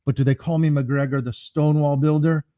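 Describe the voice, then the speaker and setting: A man voicing a proud old Scottish bar builder in an attempted Scottish accent, slow and telling his tale with pride. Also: fairly high pitch, fairly even intonation, no room sound, highs cut off, natural voice.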